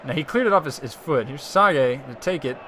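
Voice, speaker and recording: A man doing live play-by-play commentary on a video game football match, getting excited and shouting on close chances. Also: mid-range voice, fairly quick, crowd noise. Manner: excitable, rises to shouting on near goals.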